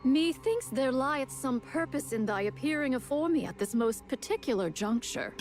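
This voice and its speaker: A woman's voice: high-pitched, lively intonation, normal speed, a little mellow. Nayuta, a solemn archaic swordswoman. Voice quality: formal, old-fashioned phrasing. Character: solemn archaic-speaking young female swordswoman. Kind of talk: video game voice acting. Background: game music.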